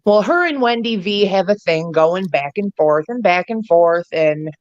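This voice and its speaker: A woman's voice: lowish voice, normal speed, no room sound. Profane gossiping woman, dull lo-fi audio. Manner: profane, animated storyteller. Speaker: co-host of a livestream chat show. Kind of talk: casual gossip chat.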